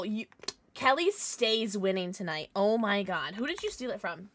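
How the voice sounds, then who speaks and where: A young woman streaming live, chatting casually with her chat, thanking viewers and squealing with excitement. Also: medium pitch, moderate pace.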